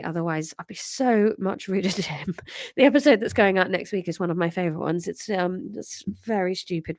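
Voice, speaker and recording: With a lowish voice captured in clean, echo-free studio sound, a nasal, congested woman in her thirties hosts a live stream. The comedian chats casually and reads aloud a story she wrote, peppering it with fillers and jokes at her own expense.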